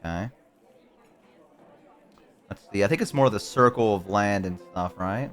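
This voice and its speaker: A man's voice: lowish voice, unhurried. A man streaming live, talking casually and rambling as he answers chat mid-sentence.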